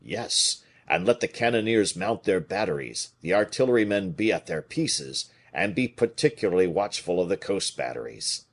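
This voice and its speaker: A man reading an audiobook voices a scheming bishop who speaks in a bland, measured, quiet way. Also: low voice, expressive, slightly rough, full character voice. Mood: grave. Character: calm, scheming male bishop, Aramis.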